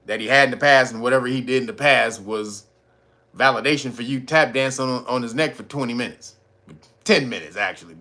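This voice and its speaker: Animated, laughing man with bright voice. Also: medium pitch. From Los Angeles. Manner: animated, slangy, often laughing and acting out quotes. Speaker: commentary host. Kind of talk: casual commentary monologue.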